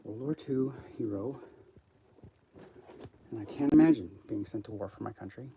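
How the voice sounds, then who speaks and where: A man's voice: lowish voice, moderate pace, creaky, background noise. Rambling, swearing man on a live stream. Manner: rambling, profane, jumps between topics.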